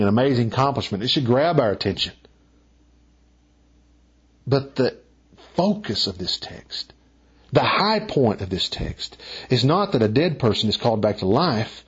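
A man preaching a sermon as a pastor, emphatic, his voice climbing higher when he drives a point home. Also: husky, highs cut off.

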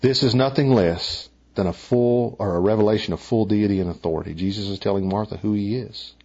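A man preaching a sermon as a pastor, emphatic, his voice climbing higher when he drives a point home. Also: fairly quick, a little mellow, husky, lo-fi sound.

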